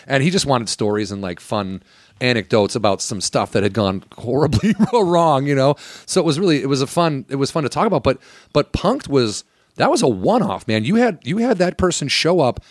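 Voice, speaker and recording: Guy on a podcast, lively up and down voice, dry close mic, swears and laughs a lot. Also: mid-range voice, fairly quick, no room sound. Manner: animated, swearing, laughs while telling stories. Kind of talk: casual storytelling chat.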